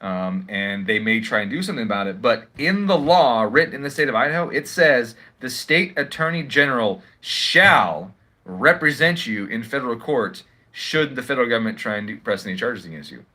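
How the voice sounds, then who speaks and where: A sarcastic man rants on a livestream from home, swearing freely as he rambles from one gripe to the next. His pitch swings a lot, and his tone is bright and forceful. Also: expressive, moderate pace. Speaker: live streamer. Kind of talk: casual livestream rant.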